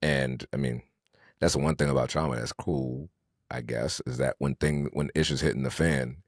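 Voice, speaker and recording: A man co-hosting a podcast, telling stories in a slangy, animated, casual way. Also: a bass voice, normal speed, creaky, no echo, studio quality. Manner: slangy, animated storyteller with restarts. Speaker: podcast co-host. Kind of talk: casual storytelling chat.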